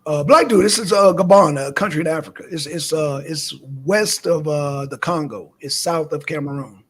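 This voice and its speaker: Husky high-voiced man chatting about news. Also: moderate pace. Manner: animated, needling, swears casually. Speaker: show host. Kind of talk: casual news chat.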